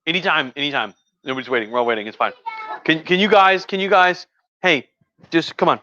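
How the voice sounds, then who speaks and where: Drunk male history teacher on a home livestream, sharp bright tone, chatty and profane, dull lo-fi mic. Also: on the high side, fairly quick. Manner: rambling, profane, chatty, many restarts. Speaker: history professor. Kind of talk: casual livestream history lecture.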